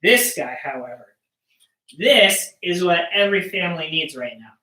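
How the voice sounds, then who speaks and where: Bright-voiced playful woman teaching kids. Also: lowish voice, expressive, moderate pace. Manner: playful, jokey, talking to kids. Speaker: children's percussion storyteller. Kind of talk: live-streamed teaching for children. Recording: roomy sound, mic at a distance.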